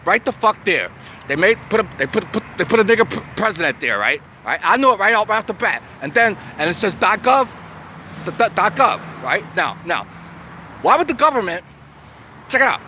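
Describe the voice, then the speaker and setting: A man in his sixties from the United States rants profanely to the camera on a city street, his high, sing-song voice moving a little fast with a sharp edge. The agitated monologue rambles, and he keeps stumbling into stammering restarts on repeated words. Faint street and traffic noise sits in the background.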